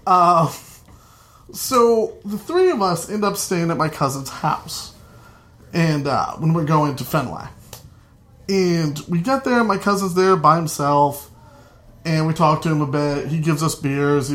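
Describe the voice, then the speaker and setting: A man's voice: a little high, a little slow, a bit bright. A young man telling a funny family story on stage, chatty and laughing at his own lines. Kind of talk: live comedic storytelling.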